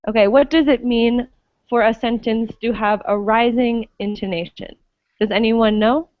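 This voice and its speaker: A woman's voice: on the high side, fairly even intonation, normal speed, dry recording, phone-quality sound. A woman teaching an English pronunciation class, patiently explaining and often checking understanding with "okay?".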